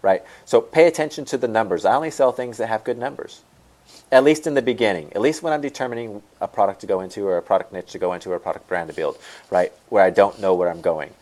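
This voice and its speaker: An online store coach runs a screen-share lesson for online sellers, speaking quickly in a fairly low, darkish voice. He rambles, stumbles over his words and repeats himself as he addresses his viewers directly.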